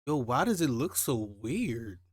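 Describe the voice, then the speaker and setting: A man reading a comic chapter aloud and reacting to it, casual and excitable, his voice jumping up when he is surprised. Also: unhurried, dry recording, clean studio sound. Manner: excitable, jumps high when surprised, laughs at himself. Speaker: manga reaction channel host.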